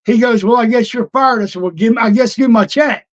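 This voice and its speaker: An older man with a drawl recounts wrestling days in a high voice. He slips into other people's voices as he tells it. The sound is dull and lo-fi, like a livestream. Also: a little fast. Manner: animated storyteller, acts out old conversations. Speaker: retired pro wrestler, guest. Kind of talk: casual storytelling interview. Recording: dull lo-fi stream audio.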